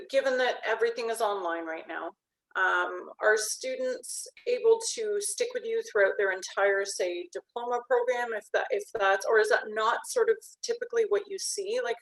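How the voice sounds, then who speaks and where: A woman's voice: mid-range voice, a bit bright, poor audio. A woman hosting an online interview, responding to her guest in an eager, affirming way and summing up his points. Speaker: host. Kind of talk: conversational interview.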